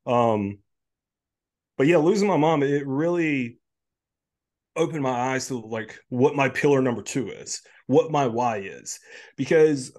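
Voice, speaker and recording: A man's voice: medium pitch, unhurried, darkish tone. A man in his thirties, a health coach guest, talking candidly in a casual podcast conversation, full of "like" and "um" and emotional at times. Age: 30s. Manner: candid, filler-heavy, many "like" and "um".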